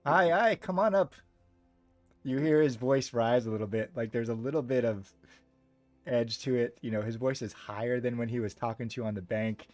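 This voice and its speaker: A man running a tabletop game over a video call, narrating the scene in a loose, descriptive way. His voice sits at an ordinary middle pitch, with faint music underneath. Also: fairly even intonation, fairly quick, mellow, dry recording. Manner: descriptive, meandering, many fillers. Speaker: game master.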